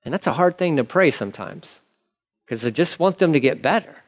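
A man's voice: on the high side, lively intonation, brisk. A man preaching a sermon in a candid, conversational way, acting out prayers as he talks. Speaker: pastor.

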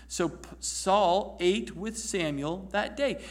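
High-voiced animated man preaching. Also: slow, hardly any pauses. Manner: animated, laughing, acting out scripture voices. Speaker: pastor. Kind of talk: sermon.

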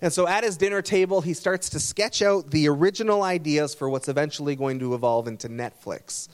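A man's voice: a little high, a little fast. A man pastor preaching a sermon, telling stories in an earnest, conversational way. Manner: storytelling, earnest.

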